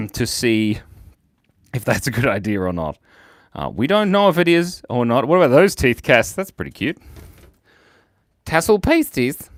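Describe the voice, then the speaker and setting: A playful Australian man chats his way through a live drawing session, cracking jokes and answering viewers as he goes. His mid-range voice swoops up and down with lively energy, and the recording is close and dry with no room sound. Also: mid-range voice, no room sound. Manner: playful and jokey, reading out viewer chat. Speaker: host of a live drawing stream. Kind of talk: casual live-stream chat while drawing.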